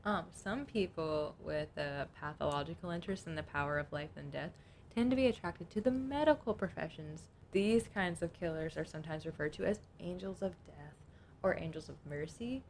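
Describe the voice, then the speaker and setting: A woman's voice: low-pitched, moderate pace, a little hiss or hum. A young adult woman co-hosting a podcast in casual chat, reading notes aloud in a chatty, informal way. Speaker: podcast co-host.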